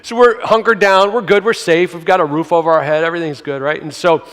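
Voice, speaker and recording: A male pastor preaching a sermon, telling a story with animated, acted-out voices and sudden shouts. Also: fairly high pitch, quick pace. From grew up in a city. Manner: animated, acts out quoted voices, shouts for emphasis. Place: church sanctuary. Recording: long hall reverb.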